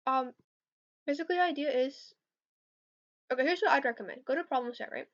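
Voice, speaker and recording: A woman's voice: sits high, fairly quick. A young woman answering viewer questions about competitive programming on a casual livestream, hesitant with lots of fillers. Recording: slightly dull lo-fi stream audio.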